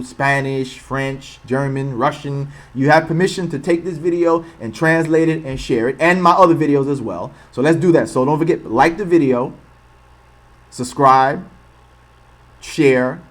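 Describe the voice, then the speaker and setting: A man hosting an online livestream, talking in an impassioned, rhetorical way and repeating points for emphasis. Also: medium pitch. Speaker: channel host. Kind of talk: livestream commentary.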